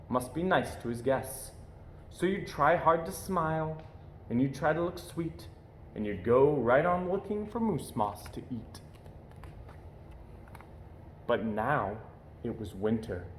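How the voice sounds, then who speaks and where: A man reading a rhyming picture book aloud with an expressive, rhythmic delivery. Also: medium pitch, slight background noise. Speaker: storyteller. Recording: echoey room.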